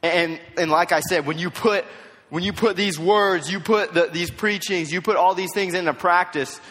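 Animated young man preaching in reverb. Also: sits high, normal speed. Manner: animated, jokey, acts out quotes in voices. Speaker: youth speaker. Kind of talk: storytelling sermon talk. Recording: long hall reverb.

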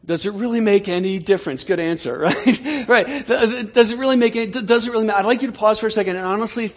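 Higher-voiced pastor, loose and chatty. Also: male voice. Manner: conversational, repeats words and restarts often; soft slow prayer voice. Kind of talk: sermon.

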